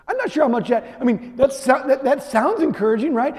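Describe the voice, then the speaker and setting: A man preaching a sermon, telling a personal story in a lively way with frequent "right?" asides. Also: very high-pitched, fairly quick. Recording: echoey hall reverb.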